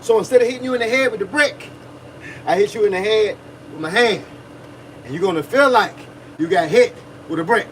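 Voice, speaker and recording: High-pitched black coach talking at a livestream, a bit off mic with light noise behind. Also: male voice, a little fast, pauses often, a bit bright, distant mic, poor audio. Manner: preachy, repetitive, talks to viewers, grunts while punching a bag. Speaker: boxing coach.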